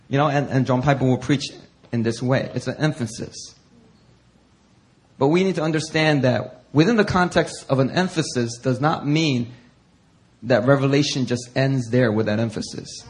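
A male pastor preaching a sermon, reading scripture slowly and with building force, then dropping into conversational asides to the congregation. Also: mid-range voice, low-quality recording. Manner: builds to loud preaching with dramatic slow emphasis on scripture.

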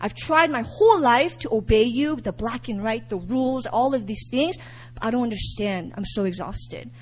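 A young adult woman sharing a personal faith testimony, candid and animated, often laughing as she tells it. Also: on the high side, normal speed, husky, rough recording.

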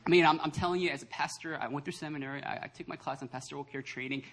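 A young adult man, a pastor, preaching a lively sermon that acts out voices and laughs often. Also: a little high, rapid-fire. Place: church service hall.

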